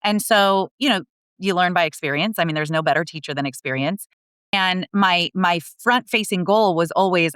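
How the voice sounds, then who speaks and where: A woman's voice: lowish voice, normal speed, a bit bright, clean tone, no room sound. A woman guest on a podcast, explaining sales in an earnest way, often restarting her sentences. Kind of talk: casual podcast conversation.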